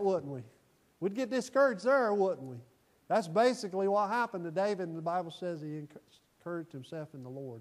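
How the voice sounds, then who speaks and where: Folksy preacher, high voice. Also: male voice, darkish tone. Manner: folksy, repeats phrases for emphasis, rises and falls in volume. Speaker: pastor. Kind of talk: sermon. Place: church.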